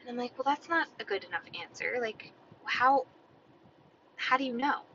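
A woman's voice: a little high, animated, moderate pace. A woman hosting a podcast alone, chatting casually and rambling to herself. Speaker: podcast host. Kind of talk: solo casual chat. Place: inside a moving car. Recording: muffled, with loud car road noise.

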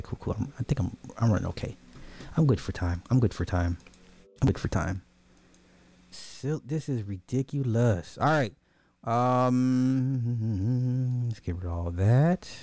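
A man hosting a podcast in casual livestream commentary, animated and slangy, talking straight to his viewers. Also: lowish voice. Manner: animated, slangy, addresses the chat directly. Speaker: podcast host.

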